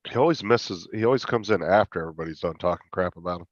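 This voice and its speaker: A man hosting a live stream, chatting in a relaxed way and swearing casually. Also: low voice, quick pace, dry recording. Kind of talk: casual chat. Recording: dry, dull mic.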